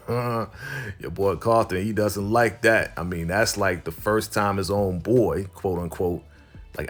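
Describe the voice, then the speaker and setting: A man's voice: fairly low pitch, fairly bright tone. A man hosting a casual TV episode recap, talking in slang and retelling the scenes as quoted back-and-forth dialogue. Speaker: TV recap host.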